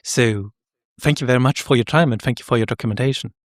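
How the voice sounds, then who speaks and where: A young man with a German accent hosting a podcast interview, speaking thoughtfully with some halting restarts. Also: medium pitch, dry recording, studio quality. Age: young adult. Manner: thoughtful, halting, laughs often. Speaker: podcast host. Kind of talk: casual interview chat.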